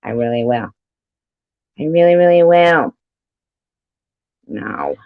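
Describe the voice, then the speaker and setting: A woman's voice: a bass voice, animated, slow, gravelly, no room sound, narrow, tinny audio. A woman chatting casually on a live stream, rambling and swearing freely, laughing often between remarks. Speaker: livestreamer.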